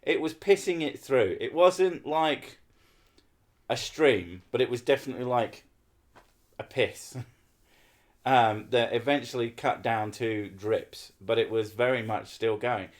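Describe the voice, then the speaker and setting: A man's voice: medium pitch, a little slow. A man hosting a casual podcast chat, swearing a lot and ranting with sarcasm. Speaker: podcast host.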